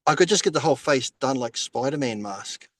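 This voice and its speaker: A middle-aged man with an Australian accent chats on a podcast in a loose, crude way. He jokes with swearing and laughs often through his stories. His voice sits in a middle pitch. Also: animated, fairly quick. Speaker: podcast guest, bodybuilder. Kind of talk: casual podcast chat.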